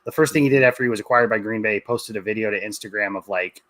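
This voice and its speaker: A man's voice: lowish voice, rapid-fire, a bit bright, no room sound. A man in his thirties, a guest on a podcast, talking in an easygoing, rambling way with lots of fillers. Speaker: guest, sportswriter. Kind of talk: casual podcast interview.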